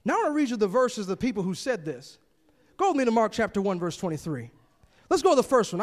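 A man with a very high voice preaching a sermon, leaning hard on his points and breaking into plain, conversational asides. His voice carries a long reverb, as if filling a big hall. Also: very animated, quick pace. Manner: emphatic, reads and comments on scripture, plain and conversational.

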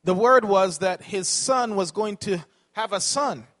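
A man's voice: high-pitched, a little slow, fairly bright tone. A man preaching a sermon, asking the congregation questions and correcting himself as he teaches.

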